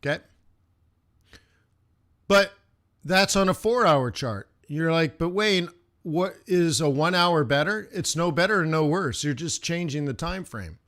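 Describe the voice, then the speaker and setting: A man giving a live trading lesson who talks casually and directly to his viewers. He asks quick questions and chants price moves in rhythmic bursts. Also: fairly high pitch, fairly bright tone. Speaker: forex trading instructor.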